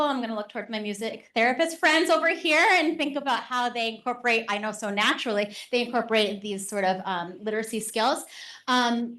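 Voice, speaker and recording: A woman teacher and reading specialist giving a live workshop to parents and educators in a session room. She speaks in an animated, conversational way with frequent "um" fillers. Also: fairly high pitch.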